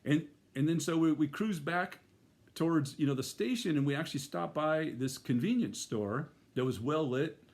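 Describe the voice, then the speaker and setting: A man's voice: a little high, lively intonation, moderate pace. Middle-aged man telling a rambling story. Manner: rambling, with many fillers and restarts. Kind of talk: casual personal storytelling.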